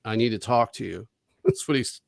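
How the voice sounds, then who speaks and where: A man tells his story over a video call, rambling and casual, full of restarts and bits of quoted talk. His voice sits at a middle pitch, and the sound is very dry. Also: wildly swooping pitch, normal speed, creaky, dry recording. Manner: rambling, profane, with frequent restarts and quoted dialogue. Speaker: interview guest.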